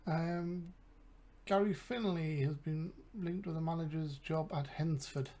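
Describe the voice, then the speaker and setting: A man's voice: a little high, unhurried, warm tone. A man with an English accent, casually commentating a game and thinking aloud with mumbled asides. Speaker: gaming channel host.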